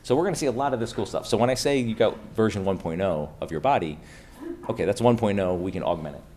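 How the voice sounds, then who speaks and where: A man's voice: lowish voice, animated, quick pace, darkish tone. A man from Pennsylvania giving a casual, upbeat conference keynote to a live audience in a room, throwing rhetorical questions at the crowd. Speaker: keynote speaker.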